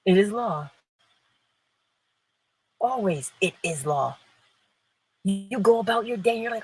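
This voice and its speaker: A woman's voice: medium pitch, animated, measured pace, pauses often, breathy edge, poor audio. A woman hosting an inspirational morning livestream, playful and emphatic, laughing often and answering viewers in the chat. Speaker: livestream host.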